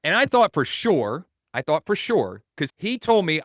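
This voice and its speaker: A man's voice: on the high side, very animated, normal speed, a bit bright, no room sound, studio quality. A man coaching real estate agents in a webinar, telling a story in a casual, rambling way and correcting himself as he goes.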